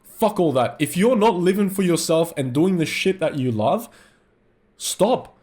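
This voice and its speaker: A man's voice: high voice, expressive, measured pace, darkish tone. A young man with an Australian accent giving an intense, profane motivational monologue to camera. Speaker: mindset vlogger.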